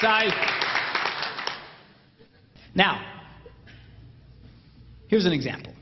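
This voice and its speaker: A man giving a humorous live talk to an audience, playful and animated. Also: high voice, measured pace, pauses often, over a noisy crowd, very noisy. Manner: playful and animated, mimics a bell sound. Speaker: speaker addressing an audience. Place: large hall with a live audience. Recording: dull, roomy hall recording.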